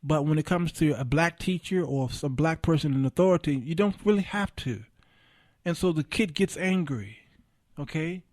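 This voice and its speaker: A man's voice: on the high side, expressive, normal speed, darkish tone, no echo, clean studio sound. A middle-aged man hosting a livestreamed talk show, delivering a passionate monologue with preacher-like swells of emphasis. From Chicago area, US.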